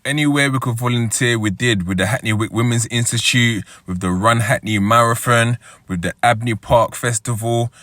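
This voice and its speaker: In his thirties and from East London, a man tells his own story in the first person, conversational and often checking in with "yeah?" He's a storyteller and founder of a football club, and his medium-pitched, slightly bright voice moves at normal speed with hardly any pauses and no echo.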